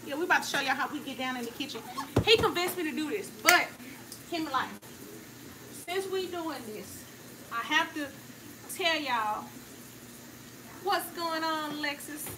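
This woman hosts a cooking vlog, casually and playfully chatting to viewers as she cooks at home in her kitchen. Her high voice has lively intonation at normal speed, with frequent pauses, in a noisy home recording.

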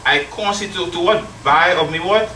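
A high-pitched male church elder preaches at normal speed while a crowd is heard in the background. He reads scripture aloud, speaks to the brethren, and prompts their answers. The mic is distant, giving a roomy sound.

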